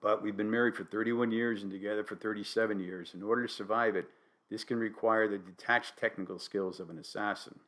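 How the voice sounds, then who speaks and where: An older man from New Haven, Connecticut, with a New England accent, hosting a solo podcast with dry, wry, deadpan humor. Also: on the low side, a little fast. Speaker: podcast host.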